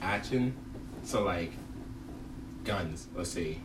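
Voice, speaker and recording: A man's voice: low-pitched, animated, slow, reverberant, far from the mic, noisy background. A man joining an improv comedy podcast as a guest, slangy and joking.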